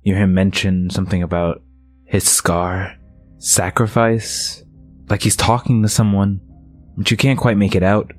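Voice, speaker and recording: Low-voiced man narrating a dark scene. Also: level tone, faint music behind. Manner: slow, atmospheric, with restarts. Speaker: game master. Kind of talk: narrating a tabletop game.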